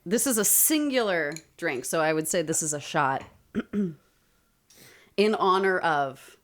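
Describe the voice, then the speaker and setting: Low-voiced chatty woman. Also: expressive, unhurried. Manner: chatty, laughs often, swears casually. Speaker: podcast co-host. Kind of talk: casual chat.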